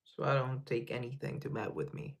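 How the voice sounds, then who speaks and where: With a lively, mid-range voice touched by vocal fry, a male livestream host talks at a brisk clip. He goes through viewer comments out loud, rambling in a laid-back way and laughing at himself.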